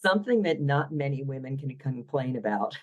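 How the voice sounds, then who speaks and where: A woman's voice: extremely low pitch, expressive, brisk, a little mellow, muffled recording. A woman with a Philadelphia accent, a guest author talking in an interview, opinionated and wry. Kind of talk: podcast interview.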